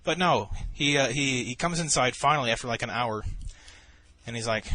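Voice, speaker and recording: Young guy rambling through a story, swears a lot, bright sharp tone. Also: mid-range voice, fairly quick, no echo. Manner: rambling, profane, deadpan. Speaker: gamer narrating over a replay. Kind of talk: casual storytelling monologue.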